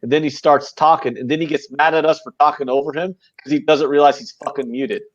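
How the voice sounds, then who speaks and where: A man's voice: a little high, fairly even intonation, quick pace. A man on a betting show panel giving amused, rambling comments. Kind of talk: live betting show chat. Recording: dull lo-fi sound.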